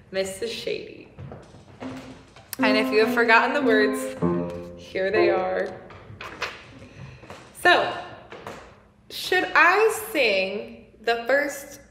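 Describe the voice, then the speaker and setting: A woman's voice: on the high side, a bit bright, roomy sound. A woman teaching a singing lesson, playful and laughing often as she explains and demonstrates. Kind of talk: music lesson.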